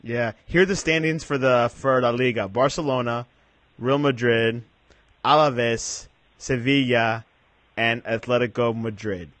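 A man's voice: mid-range voice, steady tone, a little slow, fairly bright tone, dry recording. Male host, casual football talk, asks questions, dry close voice. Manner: asks questions, easily surprised. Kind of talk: casual sports chat.

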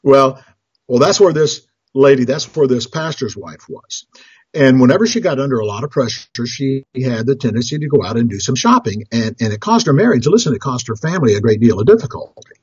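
A man's voice: medium pitch, animated, fairly quick, darkish tone, breathy edge, no room sound, dull audio. A man who works as a financial counselor tells true-life stories about budgeting in a loose, rambling way, restarting phrases and chuckling at his own anecdotes. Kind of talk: storytelling talk on budgeting.

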